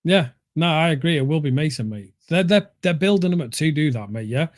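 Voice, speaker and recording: A man's voice: a little high, expressive, brisk, dry recording, clean studio sound. A man talking football on a fan show, blunt and opinionated, calling people mate. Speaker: co-host of a fan talk show. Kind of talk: casual football chat.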